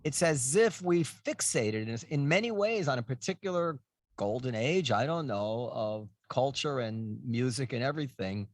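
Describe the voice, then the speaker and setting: A man's voice: mid-range voice, animated, moderate pace, no room sound. A man hosting a casual table chat, musing and thinking aloud with restarts. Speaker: host.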